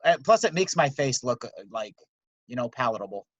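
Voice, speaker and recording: A man's voice: mid-range voice, fairly quick. A man hosting an online open mic, chatting casually and joking. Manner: relaxed, joking. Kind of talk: casual chat. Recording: dull, dry home call audio.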